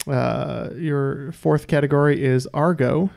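A man hosting a podcast quiz, reading trivia questions in a measured way with dry asides. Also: mid-range voice, steady tone, vocal fry, darkish tone. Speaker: quiz host.

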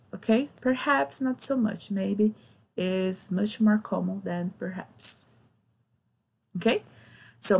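A woman with a Brazilian Portuguese accent, a native Portuguese speaker, teaching a slow English lesson to children, switching between English and Portuguese as she explains. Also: mid-range voice, vocal fry, husky. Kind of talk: online English lesson for kids.

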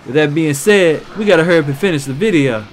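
A young man giving let's play commentary, loud and excitable, talking back to the characters on screen. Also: fairly high pitch, quick pace, soft background music. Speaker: gaming YouTuber.

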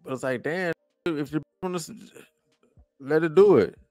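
A man streaming, reacting to a podcast clip with profane, animated ranting. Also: on the high side, moderate pace, no echo, studio quality, faint music behind. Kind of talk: casual reaction commentary.

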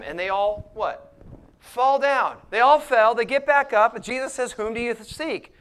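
High-voiced man preaching with intensity. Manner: swings from hushed near-whispers to loud emphatic preaching; acts out quoted voices and prayers. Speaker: pastor. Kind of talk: sermon.

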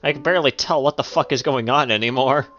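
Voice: medium pitch, fast talker, a bit bright, lo-fi sound. A streamer giving casual livestream commentary on a game, swearing, laughing hard and reading the on-screen text aloud. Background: game music.

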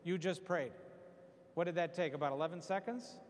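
A man's voice: on the high side, brisk. A man in his sixties, a priest giving a folksy, joking homily. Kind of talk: humorous homily. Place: church hall. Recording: long hall reverb.

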